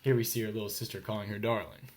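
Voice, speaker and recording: A man with an American accent reading a children's picture book aloud slowly, stopping to explain words and ask listeners questions. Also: on the low side, fairly even intonation.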